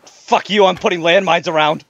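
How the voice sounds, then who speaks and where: A man chatting with friends while playing an online game, excitable and quick to yell and swear. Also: high voice, lo-fi sound. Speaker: game player. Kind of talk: casual gaming chat.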